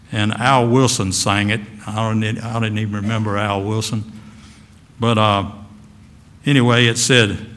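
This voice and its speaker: A man's voice: lowish voice, fairly bright tone, long reverb tail. Folksy, emphatic male preacher. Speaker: pastor. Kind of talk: sermon.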